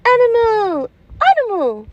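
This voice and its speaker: A woman voicing small excited animal children, a pig and a giraffe, who repeat each word back to their teacher in a squealing chorus. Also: very high voice, a little slow, dull audio, a little hiss or hum, pitched above the performer's own voice, heavily acted. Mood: eager.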